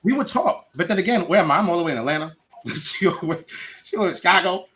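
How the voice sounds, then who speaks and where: A man in his forties chatting on a podcast, animated and telling stories with quoted voices. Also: sits high, quick pace, slight background noise. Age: 40s. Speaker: podcast co-host. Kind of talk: casual podcast chat.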